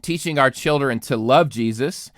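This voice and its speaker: A man's voice: mid-range voice, moderate pace, no room sound, studio quality. A congested man, a pastor co-hosting a podcast, talking earnestly in casual chat with many restarts.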